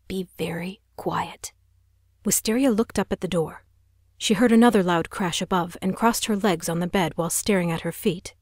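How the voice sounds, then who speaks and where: A woman's voice: fairly low pitch, brisk, no room sound, studio quality. A woman narrating a young adult audiobook in a tense, dramatic storytelling manner. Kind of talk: scripted narration.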